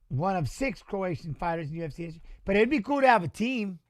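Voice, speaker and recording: High-voiced animated man, dry close sound. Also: fast talker, few pauses, dry recording. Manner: animated storytelling, swears casually. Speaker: watch-along host and former fighter. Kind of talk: casual chat reading live chat.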